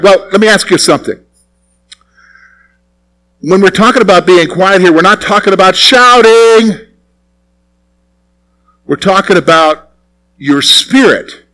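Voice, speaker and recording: Conversational high-voiced male pastor. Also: unhurried, pauses often, bright, forceful tone, poor audio. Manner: conversational, asks the congregation questions. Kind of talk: sermon.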